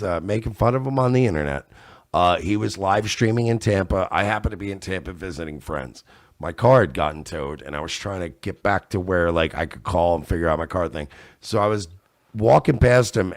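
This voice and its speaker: A man chatting casually as a podcast guest, animated and fond of acting out other people. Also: fairly low pitch, no echo, studio quality. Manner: animated, acts out others in loud voices. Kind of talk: casual chat.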